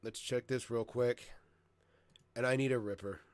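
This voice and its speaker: A man's voice: medium pitch, fairly even intonation, normal speed, smooth, no room sound, studio quality. A man hosting a casual livestream from home, frustrated, apologizing and swearing heavily. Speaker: livestream host.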